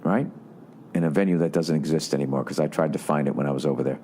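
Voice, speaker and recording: A man's voice: a bass voice, fairly even intonation, fast talker, dark tone, a little hiss or hum. A man hosting a podcast, ranting with heavy swearing and sarcasm and reading listener letters aloud. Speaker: podcast host. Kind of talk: casual podcast monologue.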